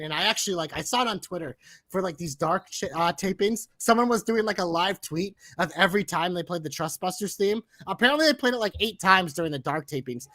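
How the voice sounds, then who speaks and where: Male podcast host, chatty and excitable; high, bright, dry close sound. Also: no echo. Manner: chatty, excitable, swears casually. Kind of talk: casual wrestling podcast chat.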